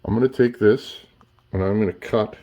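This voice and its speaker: A man's voice: fairly low pitch, normal speed, mellow, dull audio. A man hosting a casual workshop tutorial, thinking aloud as he works, restarting sentences and checking in with "okay?" often. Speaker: chainsaw builder and channel host.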